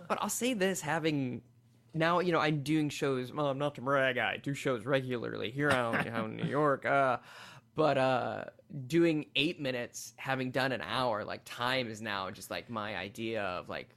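A man, a stand-up comedian, chats as a podcast guest in a fast, animated way. He wanders off on tangents and fills his speech with "like" and "you know". His pitch is ordinary for a man, and he pokes fun at himself often. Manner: fast, tangential, animated, full of "like" and self-deprecating asides. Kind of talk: casual chat. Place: New York.

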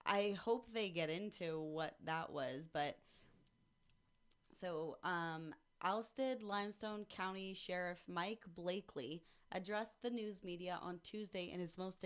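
A woman's voice: lowish voice, a little slow, smooth. A woman co-hosting a casual podcast in a studio, reading out a news story with swearing and jokes. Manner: animated, swears freely, reads news aloud with jokes. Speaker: news segment co-host.

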